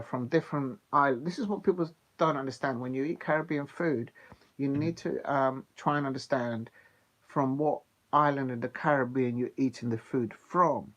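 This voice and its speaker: A man hosting a football watch-along stream, chatting in a rambling, animated way with plenty of ums. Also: medium pitch. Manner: chatty, digressive, animated storytelling with filler ums. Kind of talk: casual rambling chat.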